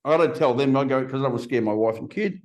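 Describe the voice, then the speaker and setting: A man's voice: mid-range voice, fast talker. Blunt, swearing man in his fifties. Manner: blunt, profane, animated storyteller. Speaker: podcast guest. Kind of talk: casual interview storytelling.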